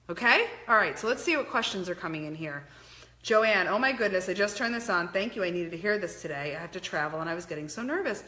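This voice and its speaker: A middle-aged woman and life coach giving an emphatic, animated motivational talk on a live stream, reading out viewer comments and swearing casually. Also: lowish voice, fast. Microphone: webcam or phone mic.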